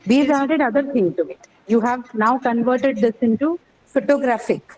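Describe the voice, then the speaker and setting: A woman's voice: fairly high pitch, normal speed, darkish tone, slight background noise, rough recording. Woman, English teacher, classroom lecture, patient explainer who keeps asking if the class follows.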